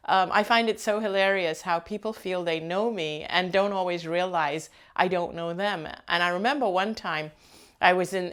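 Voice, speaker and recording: A woman's voice: lowish voice, fairly bright tone. A woman hosting her own channel, chatting casually to viewers with rambling asides and frequent laughs. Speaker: host.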